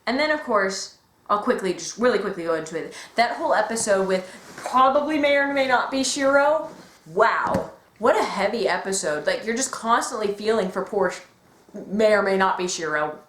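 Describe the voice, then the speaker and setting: A woman in casual fan chat, excitable and gushing, acting out quotes as she talks. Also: mid-range voice, normal speed, a little hiss or hum. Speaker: podcast guest. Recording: echoey room.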